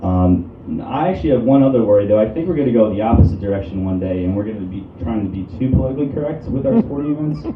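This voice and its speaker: Young stand-up comic with a halting delivery. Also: male voice, on the low side, narrow, tinny audio. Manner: deadpan, halting, many ums and restarts. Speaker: stand-up comedian. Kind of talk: stand-up comedy set. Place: comedy club stage. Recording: roomy club audio from a distant mic with room noise.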